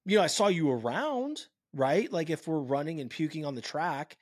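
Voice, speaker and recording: Animated, foul-mouthed man hosting a podcast. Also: a little high, normal speed, husky, no echo, clean studio sound. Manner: animated storyteller, swears a lot. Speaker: podcast host. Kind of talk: casual chat. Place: lives in Saint Louis.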